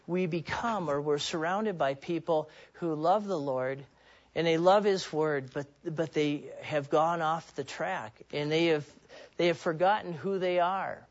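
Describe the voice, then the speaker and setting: A man's voice: on the high side, unhurried, highs cut off. A man preaching a sermon in an earnest, personal way, often restarting and repeating words.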